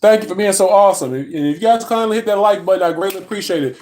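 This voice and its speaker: A man with a fairly high voice hosts a loose live stream recorded on his phone. He chats with viewers, greets them by name and trails into ums and restarts as he talks. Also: fast talker, a little mellow. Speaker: livestream host. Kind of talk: casual live-stream chat. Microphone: phone mic.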